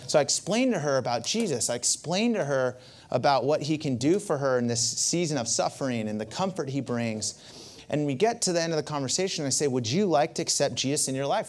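A man preaching a sermon, telling a personal story in a conversational way with asides to the listeners. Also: on the high side. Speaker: pastor.

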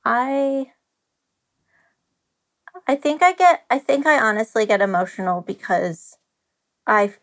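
A woman's voice: on the high side, lively intonation, slow, long pauses. A woman talking candidly as a podcast guest, open and emotional, rambling with restarts and the odd curse. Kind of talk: candid casual chat.

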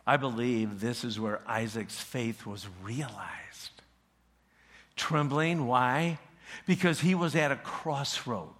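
A male pastor preaching a sermon, retelling a story with animated delivery and humorous asides. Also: mid-range voice, slow pace. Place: church.

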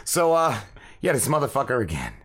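A man co-hosts a casual podcast, rambling through stories full of swearing and acting out the people in them. His pitch sits in the middle but swings widely as he goes. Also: wildly swooping pitch, fairly quick, a bit bright. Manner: rambling, swears a lot, acts out quoted people. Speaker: podcast co-host. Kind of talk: casual profane storytelling.

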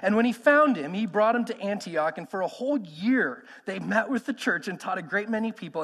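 Man, 30s, pastor, emphatic conversational sermon, high voice, long hall reverb. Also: lively intonation, normal speed, fairly bright tone. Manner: emphatic, conversational, asks the crowd questions.

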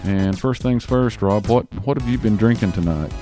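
A man with a Southern US accent hosting a podcast in casual chat, rambling with fillers and restarts and talking a bit fast. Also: fairly low pitch, dark tone, faint music behind. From Southern US (Tennessee). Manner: talks a bit fast on mic. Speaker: podcast host.

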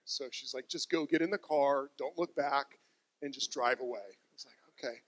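A man's voice: a little high, fast talker, a bit bright, big-room sound. A man in his thirties, a pastor preaching a sermon, telling a heartfelt personal story and acting out quotes. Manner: storytelling, emotional, acts out quotes.

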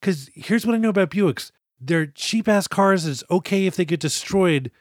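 A man co-hosting a podcast, recapping a film in casual, animated, profane chat. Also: high-pitched, moderate pace, dry recording, studio quality. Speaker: podcast co-host.

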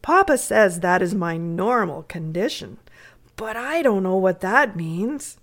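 A woman voicing an eager, excitable little girl who gushes breathlessly. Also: mid-range voice, measured pace. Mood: chattering.

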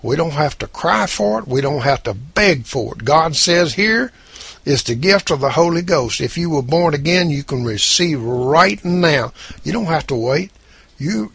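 A man preaching with a gravelly, husky voice and emphatic delivery. He reads scripture slowly, then drives his points home. The sound is dry and close, with no room around it. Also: fairly high pitch, a bit bright, no echo. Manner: emphatic preaching, reading scripture in King James wording. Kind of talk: sermon.

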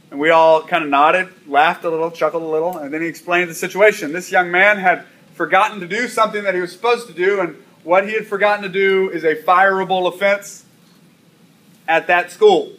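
A man's voice: sits high, steady tone, fairly quick, fairly bright tone. A man preaching a sermon, telling a story and repeating key lines for emphasis. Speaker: pastor.

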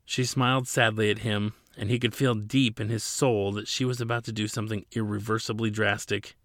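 A man's voice: fairly low pitch, little pitch movement, brisk, a bit bright, no echo, studio quality. A man narrating his own story as an audiobook in a dramatic storytelling manner. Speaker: narrator and author.

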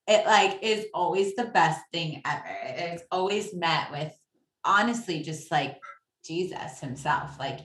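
Woman, lower pitch, enthusiastic and encouraging, roomy echoey recording. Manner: warm, enthusiastic encouragement with filler words. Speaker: podcast guest. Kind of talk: casual faith conversation. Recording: roomy echo.

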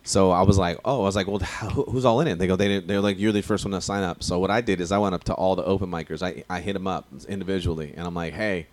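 Give me a man, a stand-up comedian chatting on a podcast. His voice sits very low and deep. He talks in slang, swears freely and rambles from one story to the next. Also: steady tone, fast, few pauses, darkish tone. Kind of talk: casual podcast chat.

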